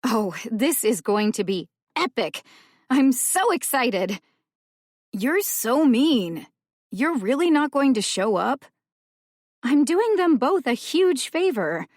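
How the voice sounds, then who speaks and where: A woman voicing a cheeky, scheming young woman who teases her older sister with a bright, high voice in an audiobook. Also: big pitch swings, slow pace, no echo, clean studio sound, exaggerated voice. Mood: teasing. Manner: bright, teasing, pitched high.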